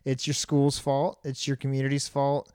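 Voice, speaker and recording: A man's voice: medium pitch, monotone, moderate pace, darkish tone, smooth, dry recording, clean studio sound. A man in his thirties co-hosting a casual chat, talking in a blunt and opinionated way and laughing easily. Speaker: podcast co-host.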